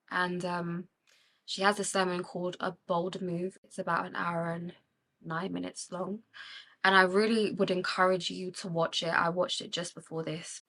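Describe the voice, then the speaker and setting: A woman's voice: lowish voice, sharp tone, a little hiss or hum. A young woman with a British accent chatting candidly while doing her makeup, talking with emotion about faith and living with intention. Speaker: beauty vlogger.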